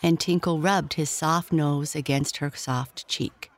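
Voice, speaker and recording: A narrator reading a bedtime children's story in a gentle, even storytelling voice. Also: mid-range voice, slow.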